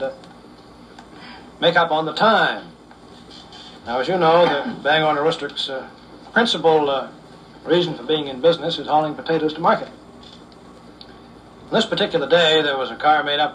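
Unhurried storyteller, distant mic. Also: male voice, on the high side, a bit bright, slight background noise. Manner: unhurried, with fillers. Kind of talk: folksy humorous storytelling.

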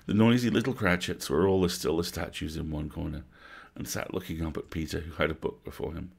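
A man reads a classic tale aloud as a bedtime story, measured and atmospheric. His voice is very low and gravelly, with a husky, breathy grain. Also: fairly even intonation. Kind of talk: livestreamed bedtime story reading.

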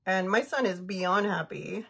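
A woman's voice: medium pitch, unhurried, creaky, fairly bright tone, slightly rough. A woman in her thirties chatting casually on a livestream as she does her makeup, answering viewer comments in a blunt, chatty way and laughing often. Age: 30s. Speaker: makeup artist livestreaming a tutorial. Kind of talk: casual livestream chat while doing makeup.

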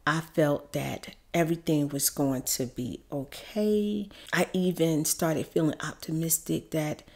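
Lady telling a heated story to y'all, repeats herself, kinda low voice. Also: a little slow, vocal fry, darkish tone. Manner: heated, repetitive, addresses viewers as y'all. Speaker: YouTube storyteller. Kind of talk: emotional storytime.

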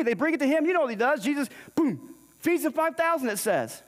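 In a church sanctuary with long hall reverb, a man with an extremely high-pitched voice, big pitch swings, and a brisk pace preaches a sermon. He tells a scripture story and acts out the characters' lines.

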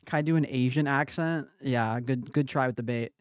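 A man's voice: mid-range voice, normal speed, hardly any pauses, no echo. A young man streaming a game, chatting casually and answering his chat. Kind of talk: casual live-stream chat while gaming.

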